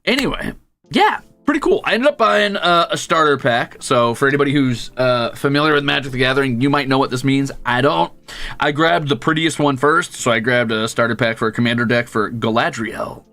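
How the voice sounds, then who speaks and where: A young man chatting casually while gaming, telling stories with jokes and swearing and jumping into high voices to quote people. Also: brisk. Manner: animated storyteller, jumps into high squeaky voices when quoting. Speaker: streamer.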